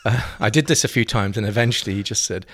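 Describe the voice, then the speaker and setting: An English painter telling playful, theatrical anecdotes in a relaxed interview chat, often breaking into giggles. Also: male voice, fairly low pitch, fast. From England. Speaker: guest, painter.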